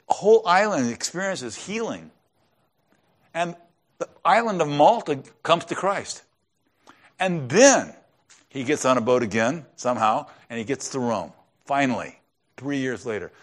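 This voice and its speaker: Pastor, male, a touch high-pitched; preaches like he's telling a story, with quiet emphatic drops. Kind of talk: sermon.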